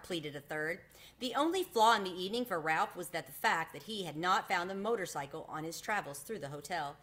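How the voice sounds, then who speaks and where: A woman's voice: on the low side, lively intonation, brisk, fairly bright tone. A woman hosting a read-aloud series, reading a children's chapter book expressively.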